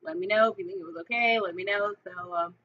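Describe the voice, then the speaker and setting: A woman vlogger telling a wrestling storyline in a casual, excited, rambling way with lots of fillers. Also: medium pitch, fast, muffled recording, a little hiss or hum.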